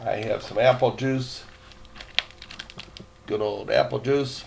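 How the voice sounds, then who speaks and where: A man's voice: medium pitch, fairly even intonation, slow, creaky, background noise. An older man reading a chapter book aloud, rambling with chatty asides and many fillers. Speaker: storyteller.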